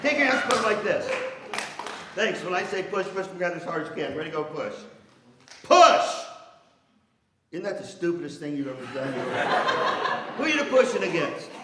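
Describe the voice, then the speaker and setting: A man's voice: on the high side, normal speed, heavy background noise. An older man giving a playful motivational talk as guest speaker at a university, teasing the audience. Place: university hall. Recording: roomy hall from far off.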